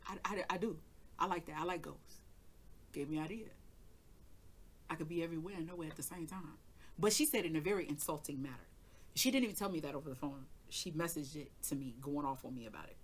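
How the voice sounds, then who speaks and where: A woman telling a story in a casual, animated and profane way, acting out both sides of the dialogue. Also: low-pitched, fast talker, husky. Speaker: tarot reader and channel host.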